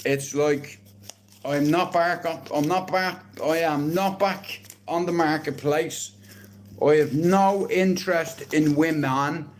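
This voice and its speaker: An Irish man on a live stream, pouring out his feelings in a blunt, heart-on-sleeve way and swearing freely. His voice sits a touch high for a man. A faint hiss of background noise runs under the recording. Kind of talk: rambling personal live stream. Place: garden shed.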